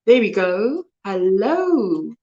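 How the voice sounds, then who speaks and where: A woman's voice: medium pitch, very animated, takes it slowly, dark tone, muffled recording. A South African woman, native Afrikaans speaker, hosting a crochet livestream, chatting casually and rambling as she reads out viewer comments. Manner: chatty, rambling, loses words mid-sentence.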